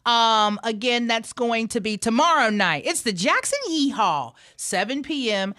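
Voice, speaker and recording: A woman hosting a casual radio show, bubbly and quick to laugh. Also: fairly high pitch. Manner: bubbly, giggly, animated. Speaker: radio host.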